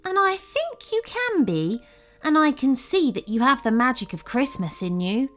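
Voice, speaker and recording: A woman's voice: high-pitched, sing-song, normal speed, soft background music, voice pushed up. A woman voicing a cheerful, helpful male Christmas elf in a storybook reading, eager and pleading. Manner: eager, pleading, a little mysterious.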